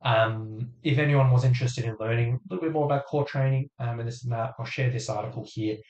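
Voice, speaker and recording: A man coaching viewers through a live Q&A on a stream, talking casually and step by step with frequent ums. His voice is getting hoarse after a long session. The room gives off a noticeable echo. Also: mid-range voice, fairly even intonation, quick pace, a little mellow, lo-fi sound. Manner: chatty, explains step by step with many fillers. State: voice going hoarse. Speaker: fitness coach hosting a live Q&A. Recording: roomy echo.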